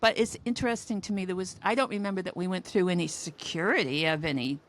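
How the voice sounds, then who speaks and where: A woman's voice: on the low side, quick pace. A woman in her sixties, a podcast co-host and mother, telling stories in a rambling, hesitant way in casual chat.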